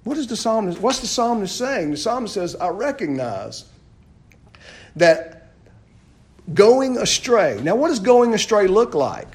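A man with a high voice preaches a sermon to his congregation. He asks rhetorical questions and often drops suddenly into a quiet voice. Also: very animated, measured pace. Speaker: pastor.

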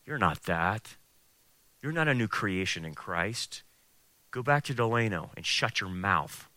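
A man voicing the devil as a low, hushed, taunting whisperer of doubt. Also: lively intonation, a little slow, no room sound. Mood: scornful.

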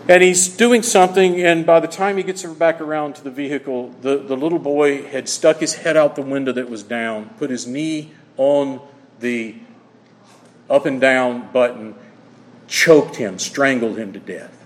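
A man preaching a sermon as pastor, telling stories that drop soft and then rise emphatic. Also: medium pitch, steady tone, a little slow. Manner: storytelling, dropping soft then rising emphatic. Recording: long hall reverb.

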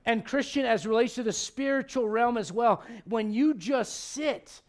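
A man's voice: very high voice, normal speed. A man in his forties preaching a sermon, acting out Bible characters with humor. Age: 40s. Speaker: pastor.

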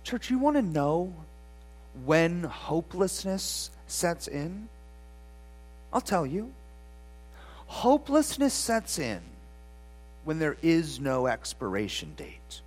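A preacher delivers a sermon at an unhurried pace, drawing out the words. The voice rises and falls widely, swinging from loud, pleading passages to near whispers, and keeps turning to the congregation with rhetorical questions. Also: mid-range voice, big pitch swings. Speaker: pastor.

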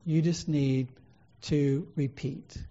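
A man voicing a stern, commanding male teacher as he retells a film in a sermon, speaking in low, clipped orders. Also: fairly even intonation, takes it slowly, mellow, dull audio.

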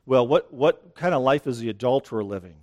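In a lo-fi recording, a man with an expressive, mid-range, darkish voice preaches a little fast outdoors near dense greenery. He's a bit winded and conversational, regularly checking in by asking "right?".

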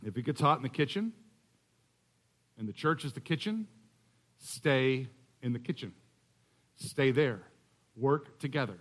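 A man's voice: mid-range voice, animated, unhurried, pauses often, a bit bright. A man preaching as a guest speaker in a church, explaining a scripture passage in a conversational way with humorous asides. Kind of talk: sermon.

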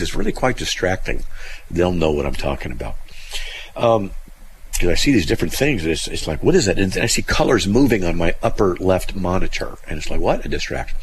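Deep-voiced animated male radio host. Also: a little hiss or hum, low-quality recording. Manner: blunt, animated, laughs at what he reads. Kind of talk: call-in radio talk, reading hate mail.

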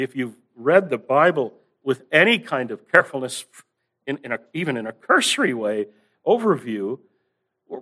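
Preaching in a fairly high, fairly bright voice, this man teaches with earnest conviction, stretching out key phrases and letting the stress rise to drive his points home.

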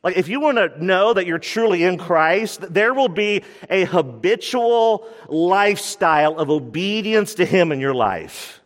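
A man preaching a sermon as pastor, animated and laughing as he acts out the people he quotes. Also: sits high, measured pace, few pauses. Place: church sanctuary. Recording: church hall reverb.

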